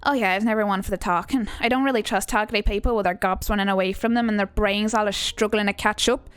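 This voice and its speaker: A woman acting a monologue as a quiet, sour young Dubliner living in Liverpool, in an Irish accent with grumbling, sardonic emphasis. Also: mid-range voice, steady tone, fast, clear, resonant tone, no room sound, natural voice. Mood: scornful.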